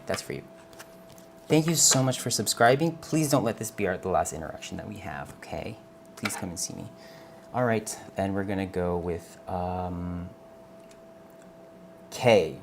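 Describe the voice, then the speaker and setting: A man with a very low voice gives a tarot reading on a live stream. He is earnest and gentle, reassures his listener, calls them honey, and often checks in with "okay?" Faint background noise runs under his voice. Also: lively intonation, measured pace, gravelly, pauses often. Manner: calls the viewer honey and girl. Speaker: tarot reader.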